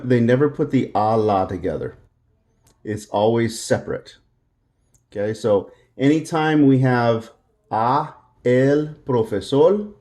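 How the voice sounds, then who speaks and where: A man teaching a Spanish grammar lesson in English, patiently repeating words slowly for practice. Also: mid-range voice, dark tone. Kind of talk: classroom-style language lesson.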